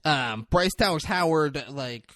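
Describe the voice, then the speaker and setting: Young male podcast host, lively swinging delivery, fairly high voice, dry close sound. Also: a little slow, no echo. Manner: animated storytelling, acts out lines, swears, laughs. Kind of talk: casual movie recap chat.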